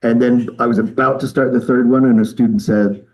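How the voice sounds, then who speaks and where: A man from the United States leading a live group workshop, relaxed and chatty, with frequent ums and okays. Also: mid-range voice, a little fast, poor audio. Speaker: workshop leader. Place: room with a group of people.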